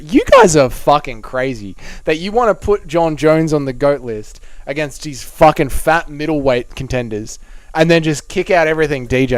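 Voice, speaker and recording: Aussie bloke on a live stream, sweary and matey, kinda high voice, dry mic. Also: male voice, smooth, no echo. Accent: Australian. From Australia. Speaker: streamer answering chat. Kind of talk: casual live-stream chat.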